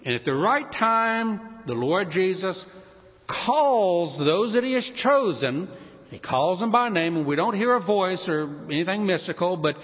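A man's voice: sits high, very animated, unhurried, in a large hall, dull audio. A man from New Orleans preaching a sermon, telling stories and acting out sing-song calls. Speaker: pastor.

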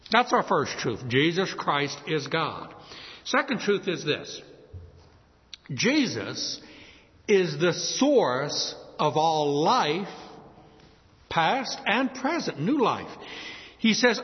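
A man preaching a sermon, emphatic and building to bold declarations. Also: on the high side. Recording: dull, muffled sound in a large reverberant hall.

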